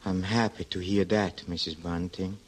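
A very low, deep male voice: a secretive, severe lodger in an old-time radio play. He speaks haltingly, stammering over his words, then turns cold and sharp. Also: fairly even intonation.

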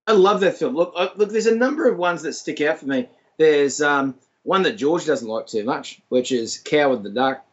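A man's voice: a little high, moderate pace, few pauses. Chatty Australian man, lo-fi call. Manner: animated, slangy, playful. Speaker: podcast guest. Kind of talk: casual chat.

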